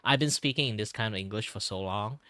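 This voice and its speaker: A man from Malaysia with a fairly low voice, chatting casually as a stream host. He rambles and restarts, filling his sentences with "like". The recording is close and dry, with no room sound. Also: quick pace, bright, forceful tone, dry recording. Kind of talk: casual chat.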